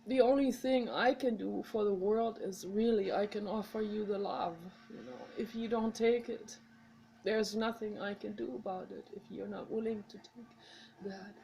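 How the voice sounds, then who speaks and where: A woman's voice: mid-range voice, steady tone, normal speed, gravelly, warm tone, slight background noise, poor audio. A woman with a mother tongue, talking straight to her viewers in a rambling, heartfelt, encouraging way. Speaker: vlogger. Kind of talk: casual direct-to-camera monologue.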